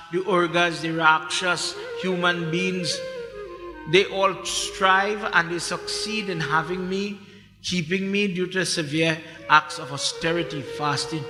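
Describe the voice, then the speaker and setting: A man voicing a gracious goddess who pleads softly to be accepted, in an echoey hall with music behind. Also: high voice.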